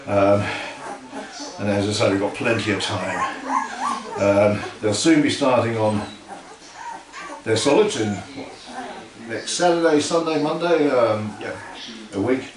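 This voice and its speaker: A man, a dog breeder, casually explaining puppy handling while talking softly to the pups. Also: medium pitch, far from the mic. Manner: talks softly to puppies between explanations. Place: kennel with puppies. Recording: roomy, from off-mic, with crowd noise.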